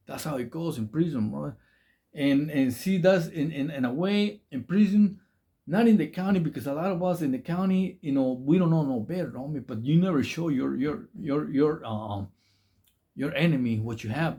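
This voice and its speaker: A man who did time tells prison stories in a mellow, fairly high voice with a breathy edge. His casual talk is rambling, profane, and slang-heavy, with lots of restarts.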